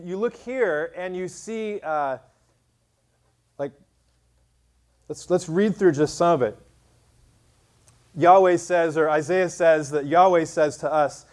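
A pastor delivering a sermon in a relaxed, chatty way, his voice sitting a little high for a man. He leans on fillers and restarts, then lifts and presses harder when he reads scripture aloud. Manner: casual, conversational preaching with many fillers.

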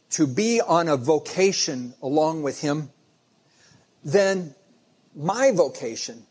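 A man's voice: fairly high pitch, breathy edge. A man preaching a sermon in a conversational storytelling way, often restarting phrases as he goes. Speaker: pastor.

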